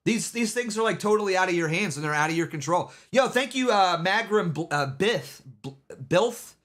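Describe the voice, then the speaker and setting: A man talking to his stream audience in a loose, rambling way. He stumbles into restarts and repeats phrases as he goes. His voice swings lively up and down in pitch. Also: moderate pace. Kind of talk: casual livestream commentary.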